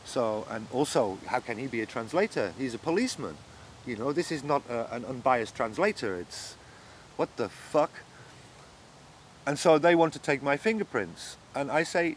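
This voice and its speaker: A man gives his own account of an arrest in an interview, earnest and shaken, his agitation rising as he speaks. His voice sits at an ordinary middle pitch. A faint hiss runs beneath the recording. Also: lively intonation, measured pace. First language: not German. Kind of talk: first-person testimony.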